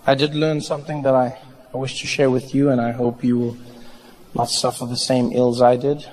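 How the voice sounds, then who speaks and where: A man with a South African accent doing stand-up comedy, telling an animated story and jumping into voices. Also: medium pitch, normal speed, long reverb tail, poor audio. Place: stage in a live venue with a laughing audience. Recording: live crowd and faint noise.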